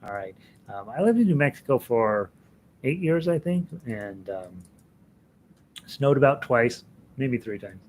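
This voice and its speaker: A middle-aged man chats his way through viewers' comments at the start of an online ukulele lesson, full of fillers and restarts. His voice sits at an ordinary mid pitch. It comes through a computer mic with a faint hiss. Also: big pitch swings, a little slow, pauses often. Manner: rambling, chatty, frequent fillers and restarts, laughs often. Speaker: ukulele teacher hosting an online class. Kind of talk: casual live-stream chat reading viewer comments.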